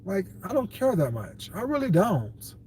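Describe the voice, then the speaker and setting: A man's voice: high-pitched, huge pitch swings, normal speed, a little mellow, slight background noise. A man hosting a casual livestream, answering his viewers' comments in a blunt, dismissive way and calling them baby. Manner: laughs often, talks back to chat.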